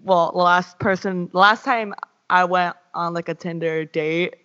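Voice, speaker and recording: A woman's voice: lowish voice, fairly even intonation, unhurried, sharp tone. A young woman co-hosting a casual chat podcast, rambling, giggling and cutting herself off mid-sentence. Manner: giggly, rambling, self-interrupting. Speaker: podcast co-host. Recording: dull lo-fi audio.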